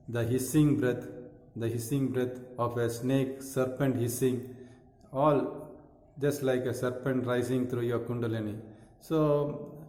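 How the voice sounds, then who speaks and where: Deliberate male yoga teacher, echoey room. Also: medium pitch, warm tone. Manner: slow, deliberate explanations with fillers and repeated phrases. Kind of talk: instructional talk on breathing. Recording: echoey room with long reverb.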